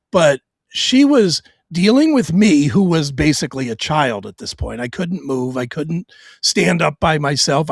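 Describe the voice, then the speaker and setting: A man's voice: on the high side, vocal fry, dry recording, clean studio sound. A middle-aged man on his own show, telling a hard personal story bluntly and profanely, with stammered restarts.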